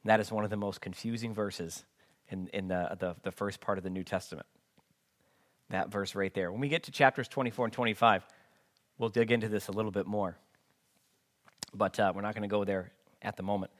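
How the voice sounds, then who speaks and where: A man's voice: lowish voice, steady tone, a little fast, pauses often. A man preaching a conversational sermon, often restarting his sentences. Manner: conversational, with frequent restarts and fillers. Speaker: pastor.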